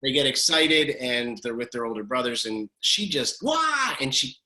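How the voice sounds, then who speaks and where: A man co-hosting a casual conversation, an animated storyteller who acts out moments from family life. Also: medium pitch, moderate pace. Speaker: co-host and keynote speaker.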